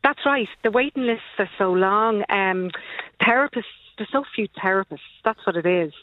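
A woman's voice: medium pitch, moderate pace, no room sound. Irish woman on a phone line, earnest, tinny sound. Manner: earnest, steady, disappointed. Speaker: caller. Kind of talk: casual phone-in chat.

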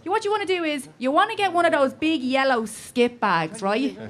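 A woman with a Dublin accent performs a comic story on live radio. Her voice sits high, and she drives the story with punchy lines that keep ending in "right?". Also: expressive, a little fast. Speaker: comedian guest.

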